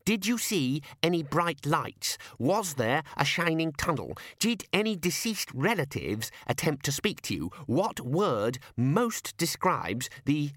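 A man's voice: on the high side, big pitch swings, unhurried, hardly any pauses, a bit bright, no room sound, clean studio sound, pitched above the performer's own voice, exaggerated voice. A man voicing an earnest, eager young male wizard who presses insistently with questions.

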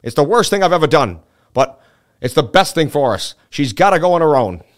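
A man's voice: on the high side, big pitch swings, a little fast. A man impersonating a bumbling, blustery cartoon father who bosses his kids around with lots of "hey" and "uh.". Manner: blustery, crude, throws in "hey" and "uh". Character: bumbling loud cartoon dad, crude and blustery.

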